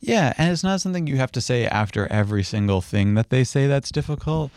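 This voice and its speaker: A young man calmly teaching psychiatry interview skills, acting out gentle example phrases as he explains. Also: medium pitch, fast, no room sound. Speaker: psychiatry educator. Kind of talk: conversational teaching.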